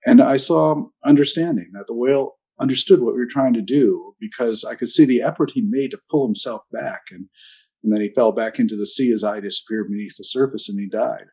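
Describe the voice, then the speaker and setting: Older guy telling stories slow and dry, low dark husky voice. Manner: measured, anecdotal, dry humor. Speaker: interview guest, ocean activist. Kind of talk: storytelling interview answers.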